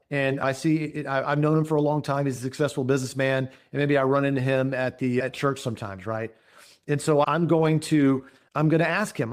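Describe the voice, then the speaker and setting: A man with a slightly high voice gives an energetic business training talk. He acts out sample scripts and keeps tagging his points with "right?". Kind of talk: coaching talk with role-played scripts.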